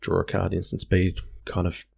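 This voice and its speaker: A man co-hosting a podcast, calmly explaining card game rules step by step in a casual, matter-of-fact way. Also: deep voice, normal speed, creaky, breathy edge. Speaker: podcast co-host.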